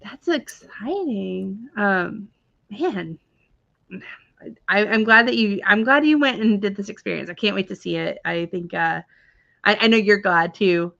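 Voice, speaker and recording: Gravelly-voiced female co-host. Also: mid-range voice, expressive, a little slow, fairly bright tone, no echo, dull audio. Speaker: podcast co-host. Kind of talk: casual chat.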